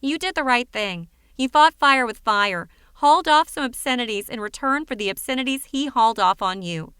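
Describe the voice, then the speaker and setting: A woman's voice: on the high side, lively intonation, moderate pace, pushed and bright, clean tone, no echo, clean studio sound. A woman voicing a level-headed friend who answers in a wry, matter-of-fact way. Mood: consoling.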